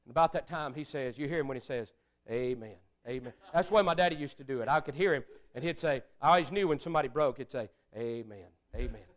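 A preacher delivering a sermon, swinging between loud exclamations and hushed prayer-like speech. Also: male voice, a little high, very fast, hardly any pauses.

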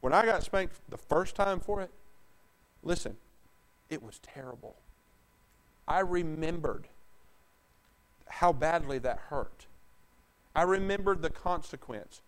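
A pastor with a notably high voice preaches to his congregation. He is emphatic, rises to loud declarations, then drops into hushed asides, drawing out scripture slowly. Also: expressive, rough recording. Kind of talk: sermon.

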